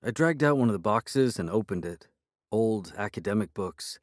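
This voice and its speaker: A man narrating a first-person audiobook in a measured storytelling manner. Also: on the low side, expressive, dry recording, studio quality.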